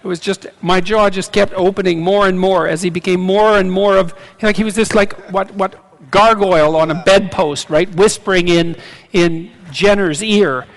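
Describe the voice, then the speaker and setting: Middle-aged Canadian male lecturer, high gravelly voice, halting live Q&A, hall reverb. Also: steady tone. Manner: halting, restarts often, laughs easily. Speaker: lecturer answering audience questions. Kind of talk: live on-stage Q&A.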